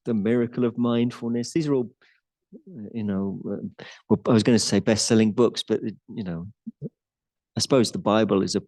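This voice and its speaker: A man's voice: medium pitch, a little mellow, poor audio. A man guiding a live yoga class in a studio, chatty and playful, laughing often. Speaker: yoga teacher.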